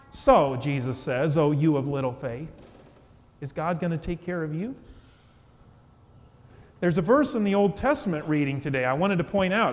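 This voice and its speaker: A male pastor preaching a sermon in a church, chatty and conversational, often putting questions to the congregation. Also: on the high side. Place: church with pews. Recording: long church reverb.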